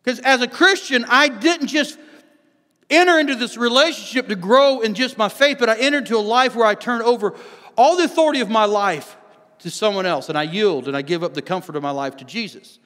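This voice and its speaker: A male pastor with a very high, fairly bright voice preaches briskly from a stage microphone in a church sanctuary. He earnestly explains scripture with frequent restarts, and the hall adds long reverb.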